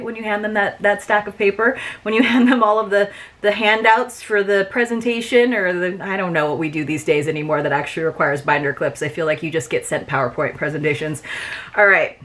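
A woman's voice: mid-range voice, a bit bright. A young woman reviewing a subscription box in a casual unboxing vlog, chatty and giggly, with lots of "like" in her speech. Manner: chatty, giggly, heavy use of "like".

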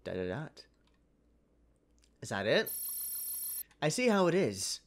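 A young man giving excitable, joking let's play commentary, swearing in bursts. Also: a little high, slow pace, slight background noise. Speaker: gaming video creator. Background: music.

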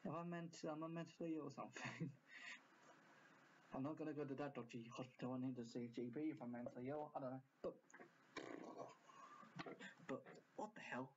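A man's voice: mid-range voice, fairly even intonation, normal speed, pauses often, muffled recording, noisy background. A man hosting a reaction video who rambles and sounds exasperated, with jumpy restarts. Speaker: reaction channel host. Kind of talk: reaction commentary.

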